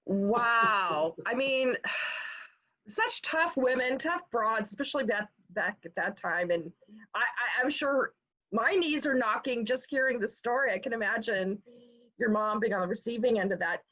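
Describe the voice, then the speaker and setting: A woman's voice: a little high, expressive, unhurried, pushed and bright, lo-fi sound. A woman hosting an interview chat, effusive and exclamatory, speaking over a video call. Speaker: host.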